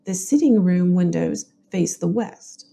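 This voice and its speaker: An older woman witness giving plain, steady answers, low and mellow, as a Southern woman reads her. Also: unhurried, gravelly. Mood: matter-of-fact. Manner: plain, steady reading of testimony. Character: older woman neighbor testifying at an 1890s inquest.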